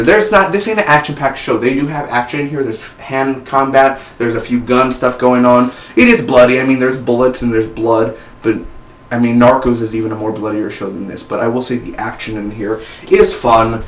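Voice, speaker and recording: A man's voice: medium pitch, a bit bright, a little hiss or hum. A man reviewing a television series in a casual, rambling way, often saying "man". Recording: echoey room.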